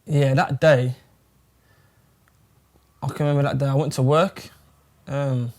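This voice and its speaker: A man's voice: a little high, measured pace, pauses often. A young man from England, chatting casually in an interview, rambling with plenty of fillers and swearing. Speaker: fighter.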